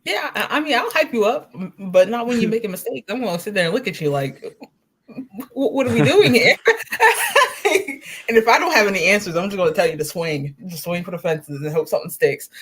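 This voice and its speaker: A woman's voice: mid-range voice, normal speed, slightly rough. A woman co-hosting a casual tennis chat, laughing often and acting out what she would say to players. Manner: giggly, animated, acts out quoted remarks.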